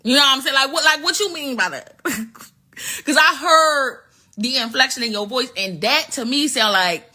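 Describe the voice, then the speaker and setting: A woman hosting a show, telling a story in casual, profane, animated commentary. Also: sits high, moderate pace. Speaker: show host.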